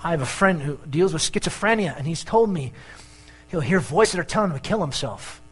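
Lively, joking male preacher. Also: fairly high pitch, brisk, husky, faint music behind, rough recording. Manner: animated preaching with jokes and asides. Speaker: pastor. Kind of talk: sermon.

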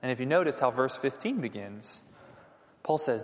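A man preaching a sermon as pastor, animated, dropping to near whispers for emphasis. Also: medium pitch, normal speed, in a large hall.

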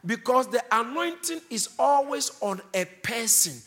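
A man's voice: very high-pitched, lively intonation, unhurried, fairly bright tone. A man preaching a sermon, emphatic, stretching out key words for weight.

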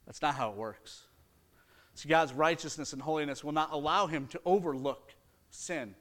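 A man's voice: on the high side, moderate pace, a bit bright. A middle-aged man preaching an earnest sermon, reading scripture aloud and building to emphatic points. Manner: earnest preaching with rising emphasis and mocking quoted excuses. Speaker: pastor.

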